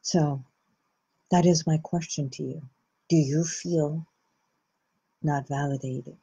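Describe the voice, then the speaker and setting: A woman with a low, husky voice hosts a reflective self-help talk. She speaks slowly and gently, letting her words settle between soft pauses. The recording sounds dull and lo-fi. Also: steady tone. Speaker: host.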